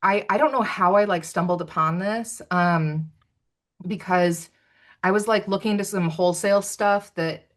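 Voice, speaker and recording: A woman's voice: mid-range voice, normal speed. A woman hosting a live online Q&A, chatty and self-deprecating, with many fillers. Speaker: livestream host. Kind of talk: casual chat.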